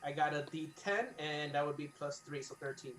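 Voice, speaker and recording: A tabletop player speaking in a halting, careful way, explaining the rules and their hero's actions. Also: mid-range voice, little pitch movement, reverberant. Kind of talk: tabletop game play.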